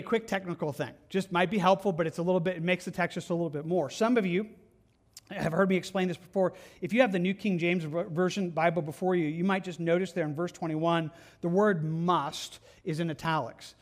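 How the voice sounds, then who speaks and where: A pastor with a high-pitched voice preaches a conversational sermon. He is earnest and plainspoken, frequently putting questions to his listeners.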